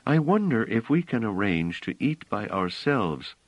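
A man doing a gentle protective woman. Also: lowish voice, very animated, unhurried, dry recording, dull audio, pitched above the performer's own voice. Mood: irritated.

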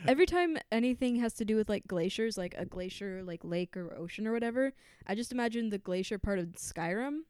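Smooth-voiced woman co-host. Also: medium pitch, animated, fairly quick, a little mellow, no room sound, clean studio sound. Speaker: podcast co-host. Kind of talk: casual book discussion.

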